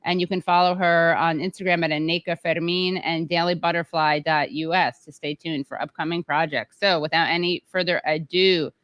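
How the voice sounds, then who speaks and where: A woman's voice: fairly low pitch, steady tone, a bit bright, no room sound. Chatty woman hosting a livestream. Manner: chatty, self-deprecating, quick asides. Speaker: host.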